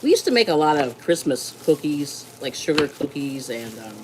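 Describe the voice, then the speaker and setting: A woman's voice: sits low, very animated, moderate pace, noisy background. A woman hosting a live stream, chatting casually while cooking, rambling, laughing often and greeting viewers by name. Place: home kitchen.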